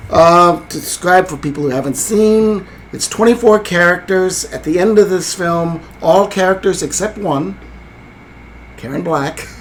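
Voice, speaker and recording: On a casual film-discussion podcast, a male co-host fumbles through the ending of a movie, full of fillers and hesitations. He sounds a little high, and the poor audio has slight background noise.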